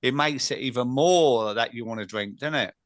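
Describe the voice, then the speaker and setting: A man from England hosts a podcast and chats with his guest. His voice sits mid-range and sounds dry and close, with no room in it. He talks in a relaxed way and shares his own stories. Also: mid-range voice, normal speed, no room sound. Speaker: podcast host. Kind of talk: conversational interview.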